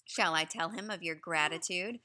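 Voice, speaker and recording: A fawning, sneering jackal creeps through the scene, read aloud by a woman. His voice is bright and keen and slick with flattery. He is spiteful behind every compliment. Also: fairly low pitch, moderate pace. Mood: sly.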